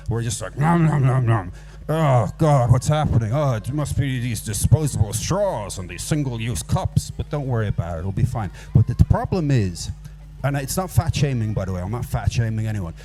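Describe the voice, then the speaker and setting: Irish comedian with a warm, mellow voice. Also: male voice, fairly low pitch. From Ireland. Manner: rambling, self-mocking, puts on silly voices for quoted people. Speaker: stand-up comedian. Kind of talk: stand-up comedy set. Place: live comedy venue with audience. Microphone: handheld microphone.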